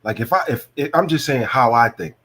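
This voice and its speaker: A man's voice: medium pitch, animated, a little fast, a bit bright, a little hiss or hum. A man from the US Northeast talking on an online panel, asking questions in a loose, conversational way. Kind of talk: casual online panel chat.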